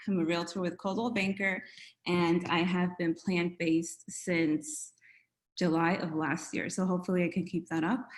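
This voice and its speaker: A woman from New York, a realtor, giving a friendly conversational presentation, slightly out of breath. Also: on the low side. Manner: friendly, conversational, uses filler words. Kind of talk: webinar presentation.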